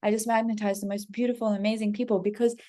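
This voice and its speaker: A woman talks straight to her viewers in a loose, unscripted monologue. She is candid and chatty, drops swear words without pause and fills her sentences with "like". She keeps breaking into little acted quotes of herself and others. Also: mid-range voice, flat delivery, dark tone. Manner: candid and chatty, swears freely, heavy use of "like". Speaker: spiritual coach and channel host. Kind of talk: casual unscripted monologue to camera.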